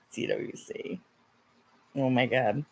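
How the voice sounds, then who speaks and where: A woman hosting a casual livestream, talking to her viewers and guests in an animated way, swearing often and mocking her critics in put-on voices. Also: very deep voice, gravelly, breathy edge. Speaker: livestream host.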